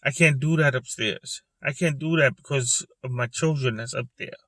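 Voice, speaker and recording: A man talks into a close mic from a parked car, earnest and halting, often repeating himself as he works through his thoughts. His voice has a bright, forceful edge, and the sound is dry and close with no room echo. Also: medium pitch. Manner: earnest, repetitive, halting, with pauses and restarts. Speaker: vlogger speaking about depression. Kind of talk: personal confessional monologue.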